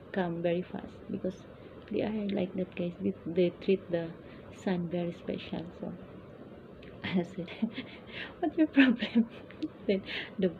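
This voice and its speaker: Filipino woman, domestic helper, chatty storyteller with a gravelly edge, faint background noise. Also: on the low side. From Philippines. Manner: chatty, mixes Tagalog and English, many fillers. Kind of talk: casual storytelling vlog. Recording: tinny phone-like recording, faint noise.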